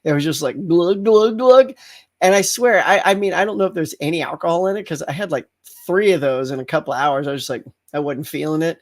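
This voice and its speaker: Middle-aged man, livestream host, casual chat, animated storytelling, acted-out yells, slightly high voice. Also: quick pace.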